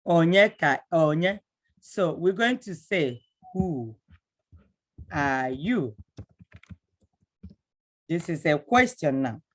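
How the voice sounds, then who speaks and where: A middle-aged woman teaching a language lesson, slowly and patiently repeating words for her learners. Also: low voice, lively intonation.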